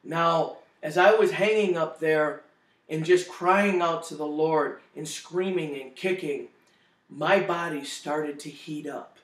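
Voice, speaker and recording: A man's voice: on the high side, slow, roomy sound, distant mic. A man telling his personal testimony in an earnest, emotional way, with the story built up step by step. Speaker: testimony speaker.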